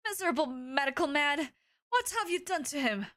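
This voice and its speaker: A woman's voice: high-pitched, animated, moderate pace, a bit bright, no echo, studio quality. A woman voicing a pompous young male pigeon aristocrat who hurls grand insults, in a game playthrough. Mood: haughty.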